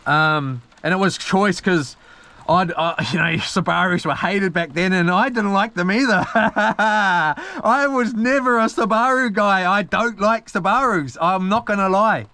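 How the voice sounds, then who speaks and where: A man's voice: high voice, unhurried, bright, forceful tone, dry recording. A man, a mechanic chatting loosely to his live-stream viewers from a boat, rambling with lots of ums and restarts. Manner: meandering storyteller with many ums and restarts, slangy. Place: on a boat at sea.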